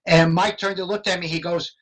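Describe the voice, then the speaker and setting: Older man, lively storyteller, somewhat high. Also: fairly quick, poor audio. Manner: animated, laughs often, acts out quotes. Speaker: paranormal investigator guest. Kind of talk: casual storytelling.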